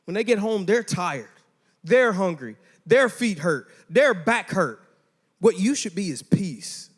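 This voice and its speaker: Youth pastor, young man, high voice, loose and joking, speaks right to the teens. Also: very animated, takes it slowly. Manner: casual, playful, talks straight to teens. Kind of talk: youth sermon.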